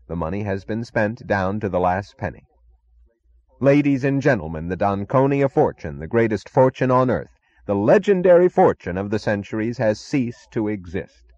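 A grave male radio announcer reads his bulletin in a measured, formal manner, as a man puts him on. His voice sits fairly low, and the sound is dull and lo-fi. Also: a little mellow, lightly acted. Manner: measured, formal broadcast delivery. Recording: dull lo-fi audiobook recording.

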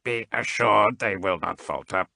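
A man doing a cold monotone cyborg drone. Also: fairly low pitch, measured pace, vocal fry, dry recording, full character voice. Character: cold arrogant cyborg drone, male-voiced.

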